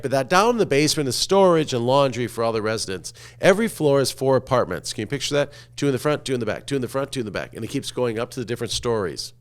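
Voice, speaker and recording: Animated man guiding listeners through imagery. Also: smooth. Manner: slow, coaxing, asks listener to picture scenes; drops to a hushed low voice at the ends of phrases. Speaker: podcast host. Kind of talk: storytelling with guided imagery.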